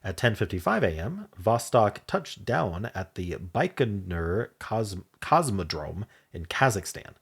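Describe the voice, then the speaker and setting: A man's voice: on the low side, vocal fry, breathy edge. A man hosting a puzzle game channel, thinking aloud in a casual, hesitant way as he works through word puzzles. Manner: muses aloud, hesitant and self-correcting.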